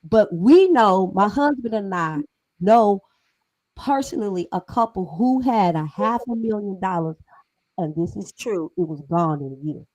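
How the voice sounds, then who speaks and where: A woman's voice: medium pitch, lively intonation, a little slow, darkish tone, rough recording. A middle-aged woman hosting a talk show, speaking in an emphatic, conversational and preachy way. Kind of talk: casual panel talk.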